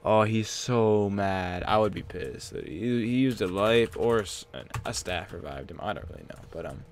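A young man commentating his own game, excitable and swearing, with bursts of loud disbelief, on a headset mic at his computer. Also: fairly low pitch, moderate pace. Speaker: gaming channel host. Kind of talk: Let's Play commentary.

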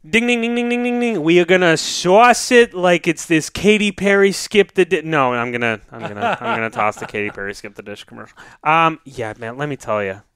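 A man chats on a hockey podcast, rambling from one joke to the next with plenty of swearing and mumbled asides. His voice is smooth and clear, recorded close on a mic in a dead, dry room. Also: on the high side, fairly quick, hardly any pauses, a bit bright, dry recording. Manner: rambling, joking, profane, trails off into mutters. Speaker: podcast co-host. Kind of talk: casual podcast banter.

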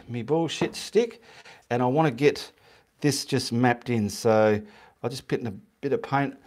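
A painting instructor speaks in a mid-range, slightly mellow voice, chatting casually as he works through a live painting demo indoors in his home studio and muttering to himself between steps.

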